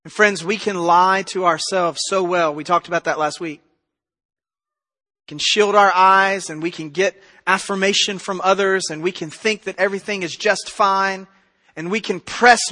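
A pastor preaching a sermon with passion, moving between loud emphasis and quiet intensity. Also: male voice, high voice, steady tone, unhurried. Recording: reverberant hall.

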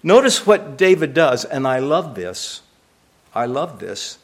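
A man's voice: mid-range voice, very animated, slow pace. A man delivering a sermon as pastor, emphatic and repetitive, asking rhetorical questions.

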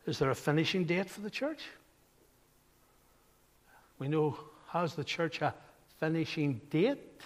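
A man's voice: a little high, sing-song, measured pace, long pauses. An older man preaching a sermon, telling stories in a conversational way and building to emphatic points. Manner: conversational storytelling, then rising to emphatic. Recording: long hall reverb.

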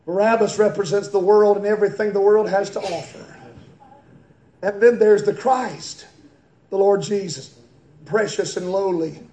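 A male pastor preaching a fiery sermon in a church, swinging from quiet, slow reading to high, shouted preaching. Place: church sanctuary. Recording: echoey church room.

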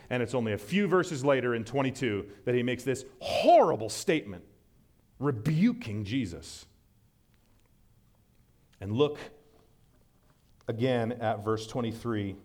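A man delivering a sermon from a pastor's pulpit, in a mid-range voice for a man. He speaks earnestly and pushes his pitch upward whenever he stresses a point. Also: darkish tone. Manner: earnest, rises in pitch for emphasis and acted quotes.

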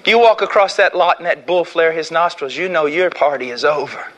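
A man preaching an impassioned sermon, swinging from loud declarations to hushed, slow warnings. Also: a little high, lo-fi sound. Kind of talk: fiery sermon.

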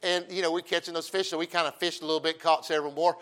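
A middle-aged man preaching a folksy, humorous sermon, swinging from loud emphasis to quiet storytelling asides. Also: fairly high pitch, fairly even intonation, very fast. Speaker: pastor.

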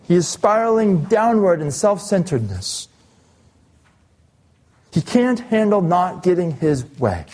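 A male pastor preaching an expository sermon, reading scripture aloud and slowing down to stress key phrases. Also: high voice, big pitch swings, darkish tone.

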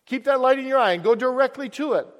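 A man's voice: very high-pitched, fast talker, fairly bright tone, pitched above the performer's own voice. A male preacher voicing an earnest male minister who urges a seeker in solemn, old-fashioned speech. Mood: urgent. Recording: long echo of a large hall.

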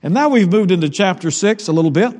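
A man pastor preaching a sermon to his congregation, talking in a relaxed, conversational way with fillers and repeated words. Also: sits high, fast. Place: church sanctuary. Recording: long church reverb.

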